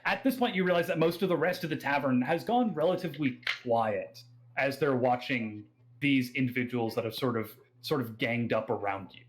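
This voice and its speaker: An Australian man runs a tabletop fantasy game, describing scenes at a middling pitch. He halts often with fillers and restarts as he narrates. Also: lively intonation, normal speed, low-quality recording. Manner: hesitant, many fillers and restarts. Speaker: game master.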